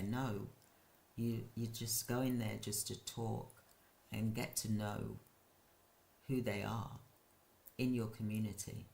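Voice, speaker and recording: A man who runs a care business, hosting a live stream and giving casual advice in a slow, halting way with frequent restarts. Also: on the low side, level tone, gravelly, a little mellow.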